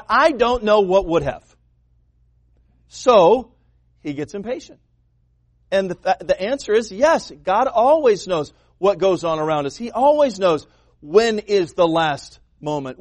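A man preaches a sermon in a notably high voice, pressing his points hard and repeating words for stress. He slips into quoted voices as he goes. The sound is close and dry, with no room around it. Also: dry recording. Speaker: pastor.

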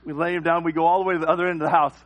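A middle-aged male pastor preaching a sermon, telling animated personal stories and acting out the scenes. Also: on the high side, very fast. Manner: animated storytelling, acts out scenes and cries.

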